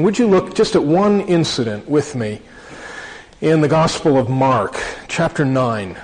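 A man preaching a sermon, earnest and slowing down to stress key phrases. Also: mid-range voice, a little mellow. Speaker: pastor. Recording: long reverb of a large hall.

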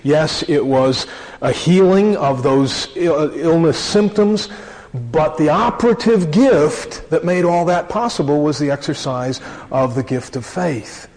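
A man's voice: fairly high pitch, darkish tone. Preaching man in a reverberant hall. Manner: earnest preaching with slowed emphasis on key phrases. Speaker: pastor. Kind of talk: sermon. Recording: long reverb of a large hall.

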